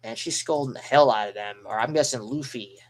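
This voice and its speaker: A man giving live reaction commentary as a manga reaction streamer, excitable and rambling, with mild swearing. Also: medium pitch, brisk.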